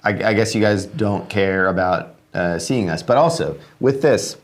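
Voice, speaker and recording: A man's voice: low-pitched, expressive, measured pace. A man co-hosting a casual studio update chat, rambling and restarting as he thinks aloud. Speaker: co-host of studio update show.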